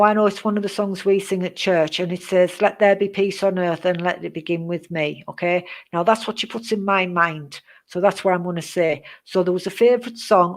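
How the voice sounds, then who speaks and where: A middle-aged woman with a somewhat low voice gives a live psychic reading. She talks in a reassuring, repetitive way and often ends her phrases with a questioning "okay?". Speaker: psychic medium.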